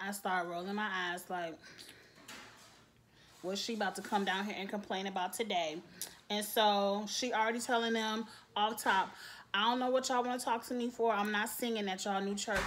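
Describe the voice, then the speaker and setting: Young woman, casual show recap, sassy, laughs a lot. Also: medium pitch. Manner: sassy,喜 laughing asides, quoting characters. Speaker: TV show reviewer.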